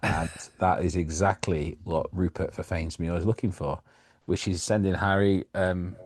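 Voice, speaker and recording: Deep-voiced man chatting. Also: flat delivery, normal speed, a little mellow, dry recording, studio quality. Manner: chatty, laughs often, trails off with fillers. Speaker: podcast co-host. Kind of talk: casual chat reviewing a sitcom episode.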